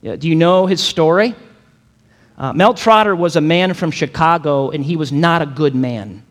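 Pastor guy preaching, kinda high voice, big echoey hall, gets loud and punchy. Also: normal speed. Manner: dynamic preaching, acts out quotes, builds to emphatic peaks. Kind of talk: sermon.

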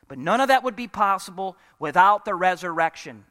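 A male pastor delivers a dramatic sermon in a high, bright, forceful voice. He drops from full volume to a near hush and slips in humorous asides. The sound rings with the long reverb of a large church. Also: animated, brisk, hardly any pauses. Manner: dramatic preaching, swings from loud to hushed, with humorous asides.

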